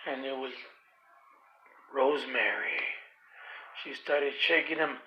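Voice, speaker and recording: A man telling a spooky story slowly and dramatically, with shifting loudness. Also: mid-range voice, muffled recording.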